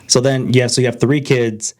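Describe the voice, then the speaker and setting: A man's voice: mid-range voice, fairly even intonation, moderate pace, darkish tone. A man hosting a casual podcast, nudging his guest along with short questions and remarks. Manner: brief prompting interjections. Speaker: podcast host, guest's son.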